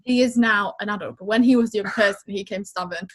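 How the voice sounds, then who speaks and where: A young woman chats as a youth leader, her voice slightly husky. She speaks earnestly, with frequent fillers, in a casual, friendly exchange. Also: medium pitch, fast talker. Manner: earnest, explains things with many fillers. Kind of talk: casual chat.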